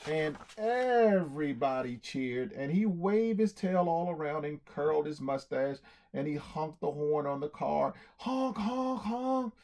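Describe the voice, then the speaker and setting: A man reading a storybook, playful and slow. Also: on the high side. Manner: animated, acting out sound effects and cheers.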